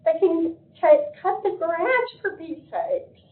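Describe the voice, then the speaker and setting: This older woman's very high voice swoops wildly in pitch as she slowly pleads during an emotional public comment at a county meeting, her voice breaking. The room echoes, and the sound has a phone-like meeting quality.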